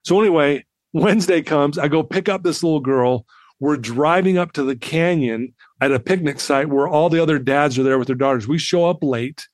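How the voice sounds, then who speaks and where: Man in his 50s telling a story as a podcast guest, kinda high voice, super dry sound, does all the voices. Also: moderate pace, no echo. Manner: animated, acts out the voices of people in his story. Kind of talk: personal storytelling in an interview.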